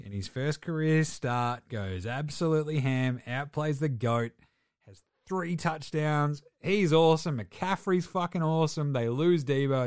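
A man's voice: mid-range voice, smooth, dry recording, studio quality. A man hosting a casual sports podcast, laid-back, laughing and swearing as he recaps games. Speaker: podcast host.

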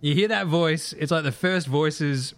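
A man's voice: on the high side, measured pace, faint music behind. An Australian man in his thirties co-hosting a casual podcast, joking and swearing loosely, recorded on a phone in a small room. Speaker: podcast co-host.

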